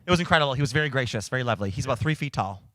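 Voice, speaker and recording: Animated man telling stories with voices. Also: medium pitch, rapid-fire, dry recording. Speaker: guest, karaoke host and cabaret producer. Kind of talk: casual storytelling chat.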